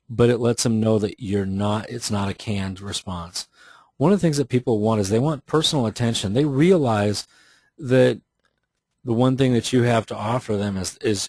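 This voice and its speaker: A man's voice: medium pitch, a little mellow, dry recording, clean studio sound. A man teaching real estate agents how to write follow-up emails, in a conversational style full of restarts and fillers. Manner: conversational, many restarts and fillers, explains with examples. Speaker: real estate marketing trainer. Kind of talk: recorded training talk.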